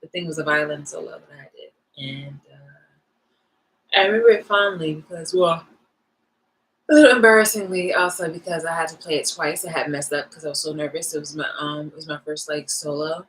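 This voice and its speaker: A young woman vlogging, telling a rambling story in a casual, animated rant full of fillers. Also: low-pitched, fairly quick, a little hiss or hum, rough recording.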